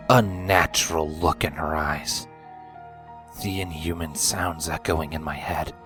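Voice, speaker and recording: A man reading a fan story aloud, narrating in the first person in a quiet, brooding way. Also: sits low. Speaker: fanfiction reader.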